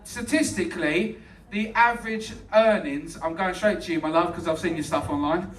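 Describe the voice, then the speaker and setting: Very high-voiced compere. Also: male voice, moderate pace, recorded from a distance, background noise. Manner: cheeky crowd banter, introduces acts. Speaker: comedy night compere. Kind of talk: stand-up compering. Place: small comedy club. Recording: echoey club room, mic heard from afar, loud crowd. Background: audience laughing.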